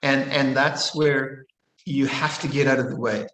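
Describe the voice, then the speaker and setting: An older man, a Buddhist monk, giving a calm dharma talk and answering a question, often repeating and restarting his phrases. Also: mid-range voice, measured pace, slight background noise. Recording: roomy echo.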